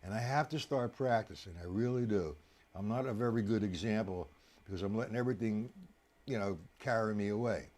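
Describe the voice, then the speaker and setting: A man teaching drums on a live stream, chatty and coaxing, counting beats aloud with loud accents on the downbeats. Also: on the low side, brisk. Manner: chatty, coaxing, addresses viewers directly. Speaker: drum teacher. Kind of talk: live-streamed drum lesson.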